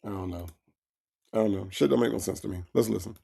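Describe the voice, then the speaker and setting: Guy doing sarcastic true crime commentary, gravelly voice, cussing and repeating himself. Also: on the low side, a little fast, long pauses, warm tone. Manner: sarcastic, profane, repeats his points. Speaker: podcast host.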